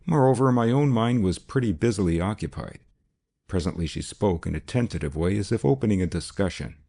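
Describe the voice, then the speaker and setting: Low, husky male audiobook narrator. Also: animated, brisk, mellow. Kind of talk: first-person scripted narration.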